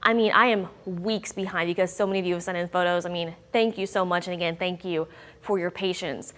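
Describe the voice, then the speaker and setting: A woman's voice: lowish voice, fairly even intonation, brisk, a bit bright. Upbeat woman meteorologist, long reverb. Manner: upbeat, conversational, bouncy emphasis. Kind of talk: chatty weather forecast.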